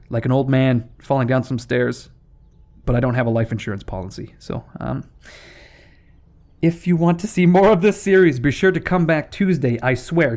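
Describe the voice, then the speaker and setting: A man's voice: mid-range voice, darkish tone. A young man hosting a strategy game playthrough, talking casually as he rambles, swears and corrects himself. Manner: rambling and profane, with self-corrections. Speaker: gaming channel host.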